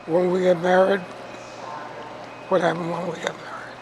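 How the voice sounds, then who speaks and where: A man's voice: high-pitched, completely flat delivery, normal speed, crowd noise, rough recording. A man in his eighties who talks in short, unsure questions. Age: 80s. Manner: confused, questioning.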